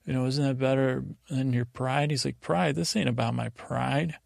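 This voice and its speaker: A man's voice: mid-range voice, steady tone, normal speed, creaky, darkish tone, dry recording, clean studio sound. A man hosting a sleep podcast, casually retelling TV scenes in a meandering, drowsy way. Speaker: podcast host. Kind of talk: rambling sleep podcast recap.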